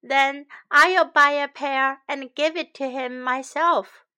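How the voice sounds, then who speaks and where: A woman's voice: high-pitched, steady tone, slow pace, pushed and bright, full character voice. A woman voicing a kind, caring woman who speaks up for a beggar, in a storybook reading for English learners. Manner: kind, reproachful.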